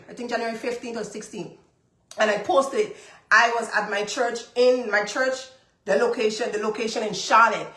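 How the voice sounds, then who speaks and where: Animated woman, high bright voice. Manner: animated storytelling, repeats phrases for emphasis. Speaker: business coach and livestream host. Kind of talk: casual testimony to a live audience. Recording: echoey room.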